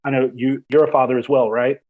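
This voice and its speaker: Man, husky voice, casual rambling podcast host, mid pitch. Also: flat delivery, fast talker, phone-quality sound. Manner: casual, rambling, many fillers. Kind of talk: podcast interview.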